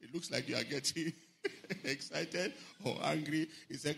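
A man preaching a lively sermon, often lifting his voice into a sing-song and asking the congregation whether they are following. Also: on the high side, unhurried, vocal fry, a little hiss or hum. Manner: animated preaching, sing-song emphasis, asks the congregation questions.

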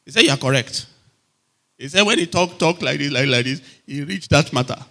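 A man's voice: a little high, fast, creaky, fairly bright tone. A man preaching a sermon, emphatic and repetitive, often checking whether his listeners are still with him. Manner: emphatic, repeats phrases, asks the audience if they are still there.

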